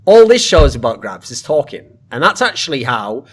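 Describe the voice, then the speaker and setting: A man's voice: mid-range voice, sing-song, brisk, slight background noise. A man hosting an esports talk show, chatting casually with emphatic, rambling asides. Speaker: podcast host. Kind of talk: casual esports panel discussion.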